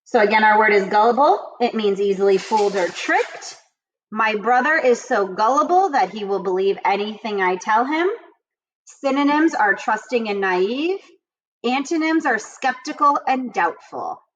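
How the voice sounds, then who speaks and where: A woman teacher reading vocabulary words, definitions and example sentences to children, and repeating the sentences slowly and with emphasis. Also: a little high, lively intonation, a little hiss or hum. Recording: dull lo-fi home recording.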